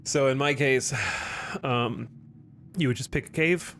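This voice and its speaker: A man streaming a game and chatting with his viewers at an unhurried pace. He keeps clearing his throat and coughs now and then from choking. Faint ambient noise sits behind him. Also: mid-range voice, fairly bright tone. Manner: talks to chat while playing, with frequent throat clearing. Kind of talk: live gameplay commentary.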